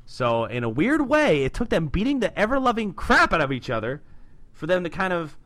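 A man's voice: high-pitched, big pitch swings, brisk, a bit bright. A man co-hosting a podcast, chatting enthusiastically about a comic book and laughing often. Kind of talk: casual chat about comics.

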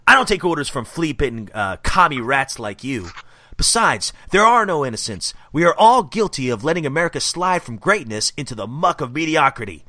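Man reading out a bombastic male villain, threatening, raised-voice rant, bright tone, lively pitch. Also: dry recording, clean studio sound, full character voice. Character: ranting villainous male mutant extremist. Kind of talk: read-aloud comic dialogue.

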